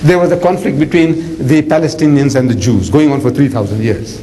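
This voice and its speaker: A man preaching a lecture, animated and jokey, telling stories with acted-out voices. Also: fairly high pitch, brisk, poor audio. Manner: animated, jokey, acts out characters. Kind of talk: lecture with dramatic storytelling.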